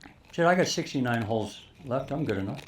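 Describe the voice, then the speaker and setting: An older man telling a lively golf story to an audience, acting out the quoted lines. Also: mid-range voice, a little fast, a little hiss or hum. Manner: animated storyteller, acts out quotes. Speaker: speaker telling a caddie story.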